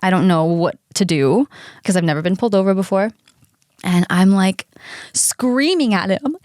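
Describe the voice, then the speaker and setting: A woman's voice: mid-range voice, animated, moderate pace, darkish tone, dry recording. Chatty woman telling stories with laughs. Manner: chatty, laughs often, swears casually. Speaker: podcast co-host. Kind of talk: casual storytelling chat.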